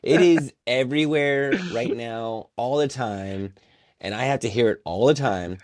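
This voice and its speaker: A man co-hosting a casual podcast, talking in an animated, rambling way and laughing often. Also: mid-range voice, unhurried, no echo, studio quality. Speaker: podcast co-host. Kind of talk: casual chat.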